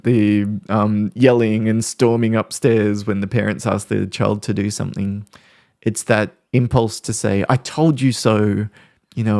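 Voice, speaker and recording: A man hosting a podcast, calmly explaining ways to handle conflict with examples from family life. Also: lowish voice, vocal fry, no room sound, studio quality. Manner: calm, explanatory, talks through examples. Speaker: podcast host. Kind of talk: podcast talk on parenting conflict.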